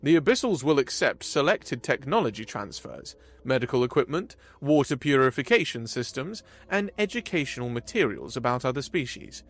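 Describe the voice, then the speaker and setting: A man's voice: mid-range voice, big pitch swings, moderate pace, few pauses. A man voicing an easygoing, modest young human man who speaks casually and plainly. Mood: matter-of-fact.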